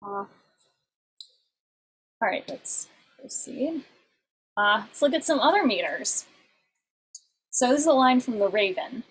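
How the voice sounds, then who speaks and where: A woman's voice: a little high, lively intonation, moderate pace, long pauses, slight background noise, rough recording. Patient woman teaching an online class. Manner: patient, explanatory, frequent "uh" fillers.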